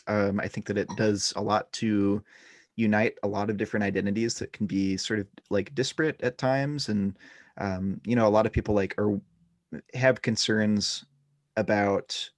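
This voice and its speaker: A man's voice: on the low side, steady tone, moderate pace, dry recording, studio quality. A man speaking as a podcast guest in a casual roundtable discussion, tired and rambling, with many restarts.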